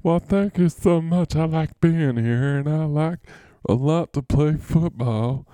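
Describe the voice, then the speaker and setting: A man's voice: on the high side, warm tone, smooth, no echo, voice pushed up. A man doing a teary, earnest quarterback. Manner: slow, halting, teary and earnest. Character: soft-spoken sentimental adult male quarterback, impression.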